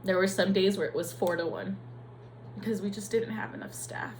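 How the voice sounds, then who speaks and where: A woman's voice: mid-range voice, steady tone, normal speed, a little hiss or hum, low-quality recording. Candid, swearing nurse telling her story. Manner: candid and profane, emotional. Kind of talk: personal confessional vlog.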